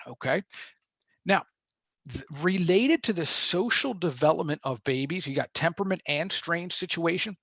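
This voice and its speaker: A man teaching a lecture in a brisk, chatty way, acting out what babies think. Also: fairly high pitch, fairly bright tone, no room sound. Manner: brisk, chatty, acts out babies' thoughts in quotes. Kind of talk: classroom lecture.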